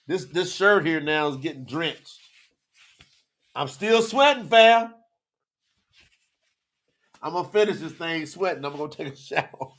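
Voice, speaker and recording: An emotional man teaches scripture on a livestream, close to tears and talking straight to the people in his chat. His voice is slightly high and gravelly. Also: a bit bright.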